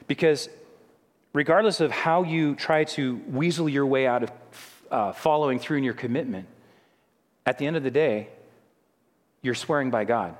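A middle-aged man preaching a sermon in a conversational way, often restarting his sentences. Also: mid-range voice. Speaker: pastor. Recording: long hall reverb.

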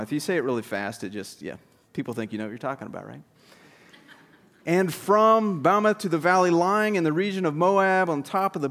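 A man preaching a sermon, animated, with asides to the congregation and sudden rises and drops for emphasis. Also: on the high side. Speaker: pastor.

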